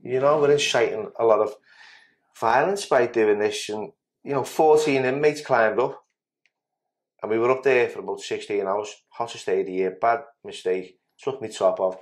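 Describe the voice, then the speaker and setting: A man's voice: mid-range voice, normal speed. A man tells a story as a podcast guest in casual talk. He is blunt and sweary and often restarts his sentences.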